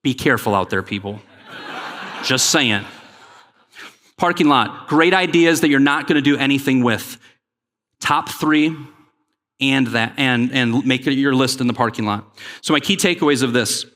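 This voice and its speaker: Energetic keynote speaker in a big hall. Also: male voice, mid-range voice, moderate pace, pauses often. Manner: energetic, joking, pushes the crowd to respond. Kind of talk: conference keynote. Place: large conference hall. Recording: long hall reverb.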